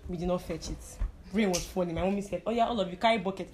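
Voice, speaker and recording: A woman's voice: fairly low pitch, rapid-fire, darkish tone, a little hiss or hum. A young Nigerian woman telling stories in a casual chat. She mixes in pidgin and laughs often. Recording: crowd chatter in the background.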